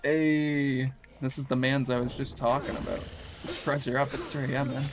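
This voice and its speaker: Still sounding half-asleep, this man from Canada talks loosely and slangily as he streams gameplay, rambling in a relaxed way. His voice is mid-range with little pitch variation, at a normal speed.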